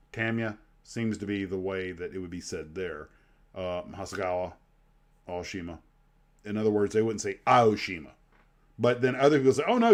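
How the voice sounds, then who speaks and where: A middle-aged man from the United States hosts a casual livestream in an easygoing, conversational voice. He rambles through nostalgic memories, drifting into tangents and back again. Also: lowish voice. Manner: rambling, nostalgic storytelling with asides. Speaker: livestream host. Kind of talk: casual chat.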